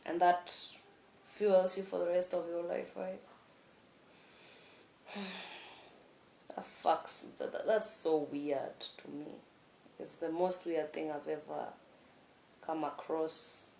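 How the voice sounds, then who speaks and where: A woman's voice: on the low side, flat delivery, slow pace, vocal fry, long pauses, dark tone, slight background noise. A young woman talking candidly in a rambling vlog monologue, laughing often. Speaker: vlogger. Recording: echoey room.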